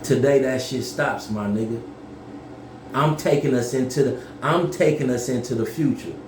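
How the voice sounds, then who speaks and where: A man telling a story casually to camera, profane and animated, yelling when he acts things out. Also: mid-range voice, normal speed, roomy sound, noisy background.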